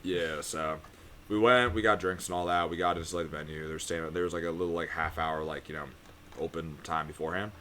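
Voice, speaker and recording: A man's voice: low-pitched, steady tone, brisk, fairly bright tone, a little hiss or hum. A young man from Connecticut telling a long story on a podcast, rambling with lots of fillers and the odd swear. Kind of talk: casual podcast chat.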